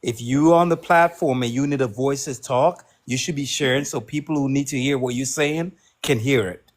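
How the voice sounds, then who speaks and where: A man's voice: mid-range voice, moderate pace. Give me a man host cutting in urgently and repeating himself on a live panel. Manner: urgent, repetitive, pleading. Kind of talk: live audio panel hosting.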